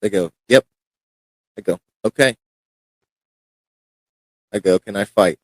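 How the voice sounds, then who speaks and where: A man's voice: on the low side, takes it slowly, no echo, low-quality recording. A young man, a fighter guest on a podcast, telling a story in a casual, rambling way with many restarts and acted-out quotes. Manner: rambling, frequent restarts and fillers, acts out quoted dialogue.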